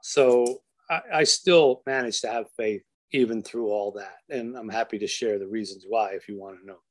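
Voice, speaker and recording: Earnest man telling a story slowly. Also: lowish voice. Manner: earnest, measured, slows for emphasis. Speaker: author and guest. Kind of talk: reflective storytelling interview.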